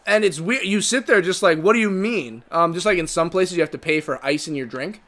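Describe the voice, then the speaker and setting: A young American man in his twenties talks casually over a game session, with a voice sitting a touch higher than most men's. He drifts from one point to the next, restarting sentences and padding them with fillers. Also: brisk, a bit bright. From United States. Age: 20s. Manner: rambling, many fillers and restarts. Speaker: gaming co-host. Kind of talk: casual chat over gameplay.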